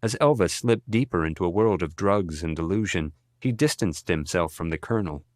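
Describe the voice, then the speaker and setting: Male audiobook narrator, low voice, dry close sound, measured read. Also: no echo. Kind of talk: scripted narration.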